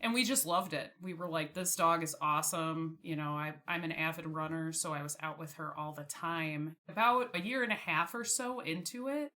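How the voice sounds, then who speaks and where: A young woman in her twenties tells a personal story in a loose, conversational way. Her voice sits a little low yet rings bright and forceful, and she laughs often and fills pauses with "like" and "you know". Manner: chatty, laughs often, fillers like "like". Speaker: podcast guest. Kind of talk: casual storytelling.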